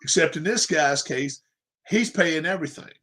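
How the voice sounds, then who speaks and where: An emphatic sports rant comes from a livestream host whose voice is on the high side and fairly bright. He keeps a moderate pace, repeating his arguments and posing rhetorical questions.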